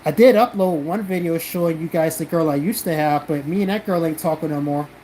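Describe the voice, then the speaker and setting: A man's voice: fairly high pitch, brisk, dark tone, a little hiss or hum, rough recording. A man from the American South, chatting casually on a live stream and answering comments in a blunt, profane, defensive way. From South Carolina, American South.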